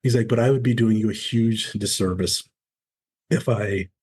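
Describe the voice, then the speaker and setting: Low husky-voiced man telling his story. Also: moderate pace. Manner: candid, animated storyteller acting out quoted dialogue. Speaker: podcast guest, former Navy SEAL. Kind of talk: conversational storytelling interview.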